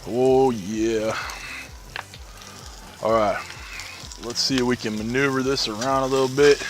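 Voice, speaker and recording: A man's voice: mid-range voice, steady tone, measured pace, music in the background. A man hosting his own cooking channel, chatting enthusiastically as he talks viewers through each step. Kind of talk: casual cooking vlog.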